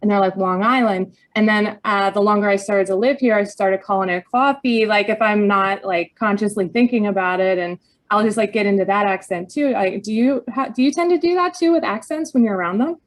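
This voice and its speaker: A woman's voice: mid-range voice, brisk, few pauses. A woman from Pittsburgh hosting a talk show, chatting casually and laughing easily. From Pittsburgh, USA. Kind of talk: casual chat interview.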